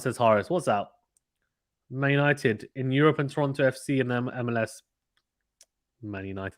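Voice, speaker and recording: Chatty British man calling a cricket stream. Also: medium pitch. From United Kingdom. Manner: chatty, reads viewer comments aloud, gets excited at big shots. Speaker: host reading live chat. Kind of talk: casual live cricket watchalong commentary.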